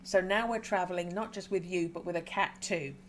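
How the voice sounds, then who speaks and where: A woman with a fairly low voice reads a game's dialogue aloud as a streamer. She moves between calm, even reading and high, excited outbursts. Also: brisk, slight background noise.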